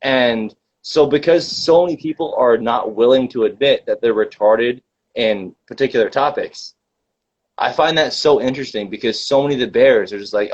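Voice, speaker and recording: Young male co-host, mid-pitched, rambling filler-heavy chat, dull recording. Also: normal speed. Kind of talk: casual chat. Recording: dull lo-fi sound.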